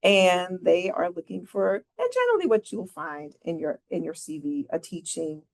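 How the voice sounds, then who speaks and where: A middle-aged woman guiding a careers workshop speaks in a lowish voice with big swings in pitch at a moderate pace. Her walk through the slides is conversational, punctuated by frequent checks of "right?".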